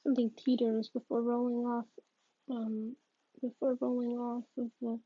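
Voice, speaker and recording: A woman's voice: fairly high pitch, flat delivery, normal speed, husky, no echo, muffled recording. A woman reading a novel aloud, hesitant and often restarting her sentences. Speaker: reader.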